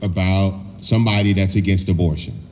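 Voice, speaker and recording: A man co-hosting a casual political chat, giving measured, deliberate commentary, recorded in a reverberant room with faint hiss. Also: low-pitched, steady tone, darkish tone.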